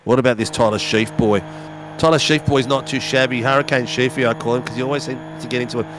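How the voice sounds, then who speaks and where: A man with a croaky voice, giving rambling, jokey live race commentary. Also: mid-range voice, steady tone, fast talker. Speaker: sim racing commentator. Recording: loud race car engine noise behind.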